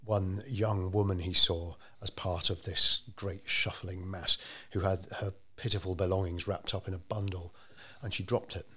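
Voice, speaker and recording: Deep-voiced man telling a story. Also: little pitch movement, bright, forceful tone, slightly rough. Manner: measured, with frequent ums and restarts. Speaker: interviewee telling local history. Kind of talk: conversational storytelling.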